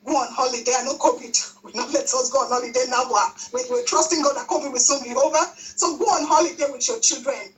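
A high-pitched woman preaches a sermon on parenting, speaking fast with few pauses. As a church speaker she repeats her exhortations and often restarts, and the distant mic yields poor audio.

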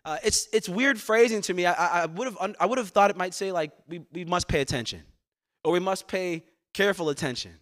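Bright-voiced man preaching a sermon. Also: sits high, a little fast. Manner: earnest, repeats words when pressing a point. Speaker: pastor. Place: church sanctuary.

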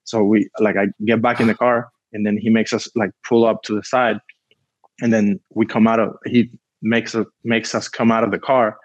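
Man, low voice, rambling casual storytelling, dull dry lo-fi sound. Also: level tone, a little fast, dry recording. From Cuba. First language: Spanish. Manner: rambling, heavy use of "like", acts out quotes. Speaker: guest.

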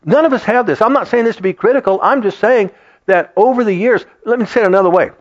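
Brief: middle-aged male pastor preaching, high and lively voice, dull lo-fi recording. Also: fast talker. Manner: animated, conversational preaching to a congregation. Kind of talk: sermon. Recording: dull lo-fi sound.

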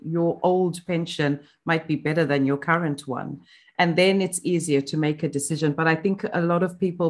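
A woman hosting a podcast interview, chatting casually with lots of fillers and quick to laugh. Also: sits low. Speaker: podcast host.

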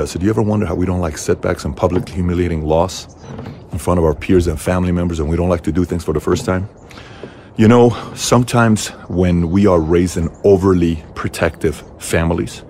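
A middle-aged man hosting a motivational talk to camera, telling a personal story with animated leaps in his voice. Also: quick pace, vocal fry, slight background noise. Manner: animated storytelling, voice jumping high on key moments. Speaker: host.

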